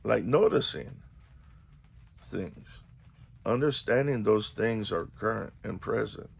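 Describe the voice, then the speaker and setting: A man's voice: lowish voice, gravelly, breathy edge. A man vlogging, telling a story casually and animatedly, acting out the quotes.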